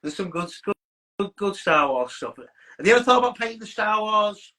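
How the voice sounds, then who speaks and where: A man's voice: high-pitched, expressive, brisk, pushed and bright, rough recording. A man co-hosting a podcast, chatting enthusiastically with trailing restarts. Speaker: podcast co-host. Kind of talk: casual chat.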